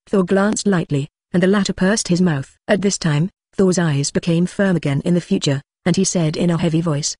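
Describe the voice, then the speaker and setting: A narrator reads a translated fantasy novel in an even, unhurried way that sounds machine-made. The voice sits in a middle pitch. The sound is dry and close, with no room around it. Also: no room sound. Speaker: audiobook narrator.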